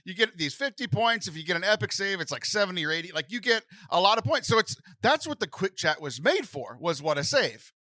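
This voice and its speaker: A man with a bright, fairly high voice that swings up and down as he talks. He explains things at length in a casual podcast chat and laughs often. The sound is close and dry. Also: big pitch swings, fast talker, hardly any pauses, dry recording. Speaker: podcast host.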